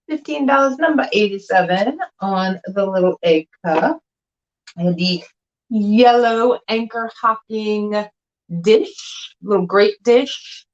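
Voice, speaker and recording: A woman's voice: a little high, highs cut off. A woman chatting casually and enthusiastically while presenting items for sale, laughing often. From not from the South. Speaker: co-host glass seller. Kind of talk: casual live sale chat.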